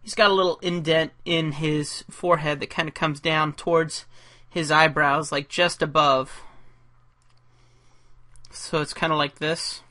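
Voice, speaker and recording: Male caricature artist, bright voice, casual and rambling, self-deprecating, talks through his drawing. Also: on the high side, level tone, a little slow.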